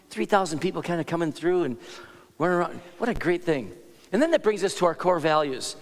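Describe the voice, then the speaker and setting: A man preaching as a pastor, talking in a loose, conversational way, often breaking off mid-sentence and turning to the congregation with asides. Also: high-pitched. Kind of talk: sermon. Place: large church hall. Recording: long reverb of a church hall.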